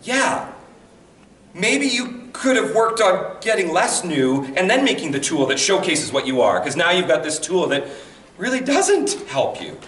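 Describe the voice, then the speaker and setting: A man with a deep voice giving advice as a voice actor guest, telling stories animatedly and acting out quotes. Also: very animated, unhurried, a bit bright. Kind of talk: conversational advice talk. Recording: echoey room, mic at a distance.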